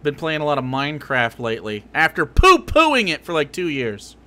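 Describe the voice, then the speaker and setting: A man's voice: on the high side, wildly swooping pitch, moderate pace, pushed and bright. Crude, sarcastic man ranting on a livestream. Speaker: livestream host. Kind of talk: casual livestream rant.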